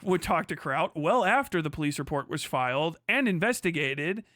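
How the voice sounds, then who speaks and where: A man's voice: fairly high pitch, lively intonation, moderate pace, pushed and bright, dry recording, clean studio sound. A man ranting on a live stream, reacting to a video with profane, mocking commentary.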